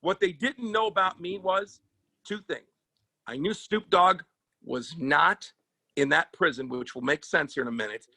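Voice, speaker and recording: Male comedian guest, punchy and profane raconteur, bright tone, close dry mic. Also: fairly high pitch, moderate pace, creaky, dry recording. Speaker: comedian and sports agent guest. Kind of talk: animated comic storytelling.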